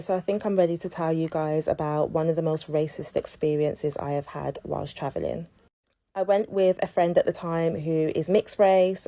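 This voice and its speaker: A woman telling a personal travel story in a measured, serious, deliberate way. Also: deep voice, warm tone, no echo. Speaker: traveller recounting a trip.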